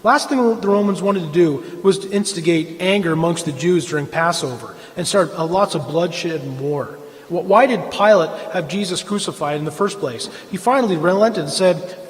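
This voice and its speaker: A man's voice: a little high, normal speed, in a large hall. A man giving an impassioned, emphatic lecture in a church, often restarting his sentences. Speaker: speaker.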